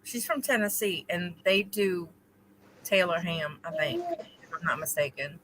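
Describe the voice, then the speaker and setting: A woman co-hosting a casual live-stream chat, reading out viewer comments in a relaxed way. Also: lowish voice, unhurried, a little hiss or hum, low-quality recording. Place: home.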